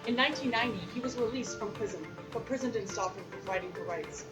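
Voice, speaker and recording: A young woman reads a school-project newscast with eager enthusiasm. Her voice sits fairly high, and music plays underneath. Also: quick pace, rough recording. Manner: bright, enthusiastic reading with cheers. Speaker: news anchor. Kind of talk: read mock news broadcast.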